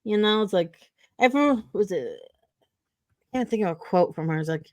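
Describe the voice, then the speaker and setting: A woman's voice: medium pitch, animated, normal speed, no echo. A woman from New Jersey hosting a podcast, chatting casually with dry sarcasm and lots of fillers. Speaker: podcast host. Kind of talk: casual chat.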